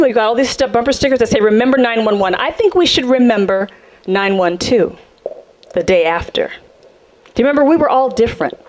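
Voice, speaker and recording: A woman from South Central Los Angeles doing a stand-up comedy set, sassy and animated, acting out the people in her stories. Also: on the high side, a little hiss or hum. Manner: sassy, animated, acts out characters. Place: comedy club stage with audience. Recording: live club, loud crowd laughter. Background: audience laughing.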